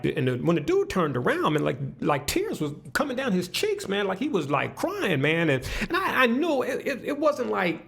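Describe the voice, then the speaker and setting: A man telling stories as a guest in a casual podcast conversation, animated and profane, with many restarts. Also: sits high, moderate pace, vocal fry, few pauses, husky.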